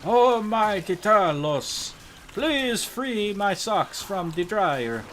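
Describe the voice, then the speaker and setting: A man doing a slow, grandiose Nordic warlord. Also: high voice, sing-song, a bit bright, slight background noise, pitched above the performer's own voice, full character voice. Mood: mock solemn. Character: solemn male Nordic warlord praying to his god.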